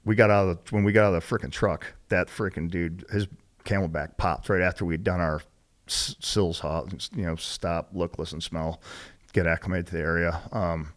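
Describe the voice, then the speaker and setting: A man in his forties with a very low voice tells stories on a podcast. His talk is casual and laced with profanity. He jumps into the voices of the people in his stories. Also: moderate pace. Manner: profane, animated, acts out quoted dialogue. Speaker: podcast guest, military veteran. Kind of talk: casual storytelling.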